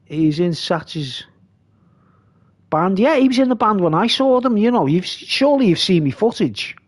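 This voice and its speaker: A man's voice: high-pitched, sing-song, normal speed. A man hosting a live stream, rambling casually and reading comments aloud.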